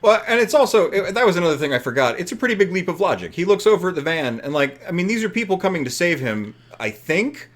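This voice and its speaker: A man co-hosting a podcast, chatting casually about a film with laughing asides. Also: sits high. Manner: animated, laughing, quick asides. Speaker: podcast co-host. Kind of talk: casual film review chat.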